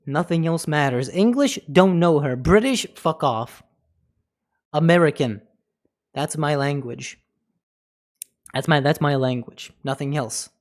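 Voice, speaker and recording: A male streamer in casual livestream chat, talking in an unhurried drawl. He jokes and swears freely and drops mock snippets of other languages between laughs. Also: on the high side, expressive. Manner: joking and profane, breaking into mock foreign phrases; laughs often between lines.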